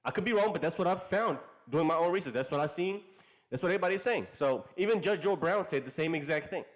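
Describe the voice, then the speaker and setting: Guy talking casual, kinda high and bouncy, adding stuff with "i could be wrong". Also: lively intonation, quick pace. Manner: chatty, hedging, agreeing. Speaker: co-commentator. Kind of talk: casual chat.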